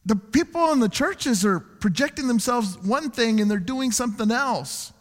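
Pastor guy preaching, high voice, acts out what people say, long echo in the church. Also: expressive, moderate pace. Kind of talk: sermon. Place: church sanctuary. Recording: long church hall reverb.

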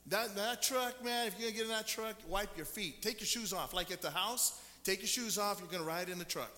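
Man, pastor, sermon, storytelling, high pitch, long hall echo. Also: fairly quick, sharp tone. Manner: storytelling, acts out quoted people. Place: church sanctuary. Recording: long church reverb.

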